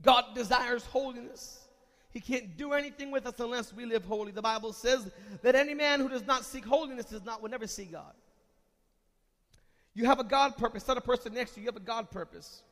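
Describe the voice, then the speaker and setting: A man preaching a sermon as pastor of a church, moving between quiet talk and shouted calls to the congregation. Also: very high-pitched, a little fast, big-room sound. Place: church sanctuary.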